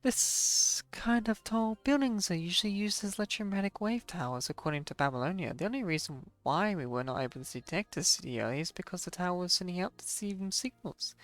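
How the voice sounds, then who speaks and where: A streamer reading a game story aloud, stumbling over hard words and adding chatty asides. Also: medium pitch.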